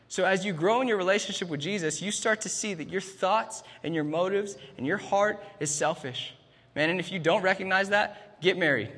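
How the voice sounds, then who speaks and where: Emphatic husky pastor in a big hall. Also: male voice, sits high, sharp tone. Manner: emphatic, repeats "man", frequent restarts. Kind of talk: sermon.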